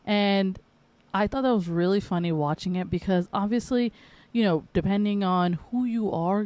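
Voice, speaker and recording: A woman's voice: medium pitch, darkish tone, dry recording. A young adult woman from the northeastern United States hosting a casual solo podcast, rambling, correcting herself and laughing often. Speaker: podcast host.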